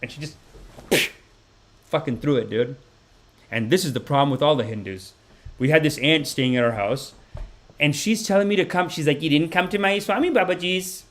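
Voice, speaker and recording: A man hosts a live podcast in a mid-range voice at a normal speed, leaving long pauses, with slight background noise. His casual livestream chat is animated, rambling, and heavy on swearing and tangents.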